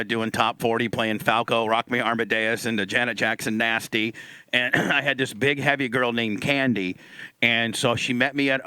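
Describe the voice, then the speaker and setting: Male radio host, bright forceful voice, crude and boisterous, dry studio sound. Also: mid-range voice, clean tone, no room sound, rough recording. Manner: brash, profane, boisterous.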